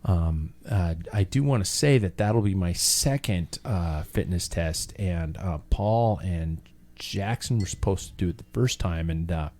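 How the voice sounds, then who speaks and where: A man's voice: deep voice, measured pace. A man hosting a casual podcast, teasing his co-hosts with crude banter. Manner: teasing, swears, lively banter. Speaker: podcast host. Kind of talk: casual chat.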